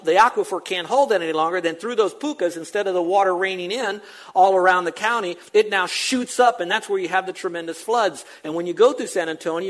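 An older man preaching a sermon, emphatic, rattling off repeated words quickly and then dropping to a hush. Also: sits high. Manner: emphatic, with fast repeated phrases and sudden drops to a hush. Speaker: pastor.

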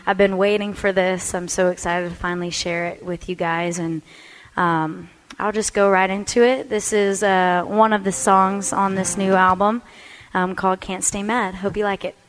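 A woman from Texas, a singer guest chatting casually in a radio studio interview, pausing on fillers and laughing easily. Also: medium pitch, steady tone, rough recording.

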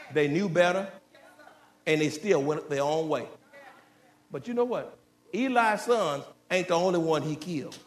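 A man, a pastor, preaching a fiery Sunday sermon in a church, swinging between shouted climbs and low, slow warnings and speaking straight to his congregation. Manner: folksy, direct address to the congregation. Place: church sanctuary. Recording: roomy church echo.

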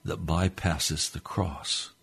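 Radio preacher, male, husky and gravelly, fervent pleading prayer delivery. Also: low-pitched, steady tone, slow, fairly bright tone. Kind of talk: sermon prayer.

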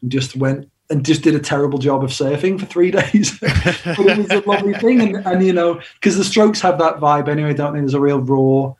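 A man's voice: on the high side, fairly even intonation, fairly quick, a little hiss or hum. A young English man, a musician, chatting in an interview over a video call, self-deprecating and laughing often. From England. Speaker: musician guest.

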